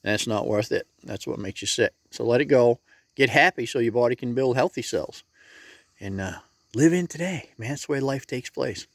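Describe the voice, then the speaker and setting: A man's voice: mid-range voice, lively intonation, moderate pace. This is a man delivering a casual motivational monologue in plain, folksy words. His voice sits in a middling register. The sound is dry and close, with no room echo. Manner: plain-spoken and folksy, talks straight to the viewer. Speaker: motivational vlogger.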